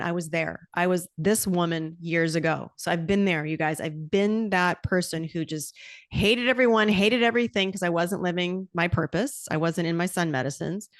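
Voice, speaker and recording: A woman's voice: on the low side, normal speed, no room sound, studio quality. A middle-aged woman hosting a podcast, talking candidly and with animation, swearing freely in casual conversation. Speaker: podcast host.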